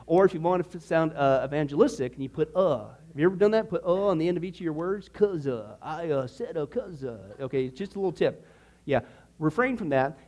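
A man's voice: a little high, a little mellow. A man teaching a church discipleship class in a conversational, emphatic way, acting out the questions of skeptics.

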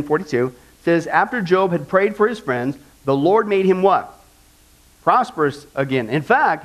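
A man teaching a Bible lesson in an animated, jokey, conversational preaching manner. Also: sits high.

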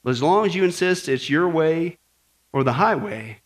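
Lively high-voiced male preacher. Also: moderate pace. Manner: animated, folksy, rhetorical questions. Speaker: pastor. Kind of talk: sermon with a told joke.

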